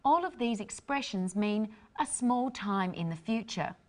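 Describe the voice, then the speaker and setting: A woman hosting an English lesson, explaining in a clear, careful scripted delivery. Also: mid-range voice, expressive, a little slow, a little mellow. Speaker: host, English teacher.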